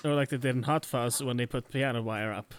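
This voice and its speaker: A man's voice: mid-range voice, steady tone, a little fast, slight background noise. A man co-hosting a casual podcast, making sarcastic, joking, profane remarks. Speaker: podcast co-host. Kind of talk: casual chat.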